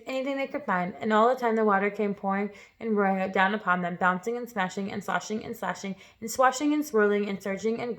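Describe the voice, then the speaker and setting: A woman reading a children's novel aloud with expressive storytelling. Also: medium pitch. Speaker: reader.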